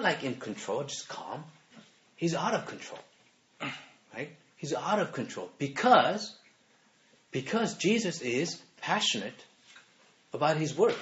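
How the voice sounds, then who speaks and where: Man, youth sermon, animated, laughs often, somewhat high voice, dull lo-fi recording. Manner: animated, laughs often, keeps asking "right?".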